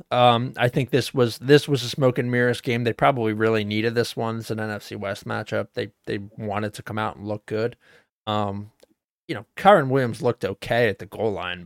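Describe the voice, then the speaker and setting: A man co-hosting a sports podcast in relaxed, rambling chat, full of fillers and casual cursing. His voice sits at an ordinary middle pitch. The sound is dry and close, with no room to it. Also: no room sound. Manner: loose and profane, many fillers.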